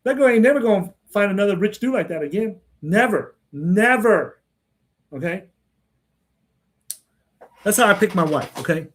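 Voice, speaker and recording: A man's voice: high voice, expressive, normal speed, long pauses, a bit bright. Brash, blunt man on a livestream. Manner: repeats "man" and "okay?" as tags. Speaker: livestream host. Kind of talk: casual livestream monologue.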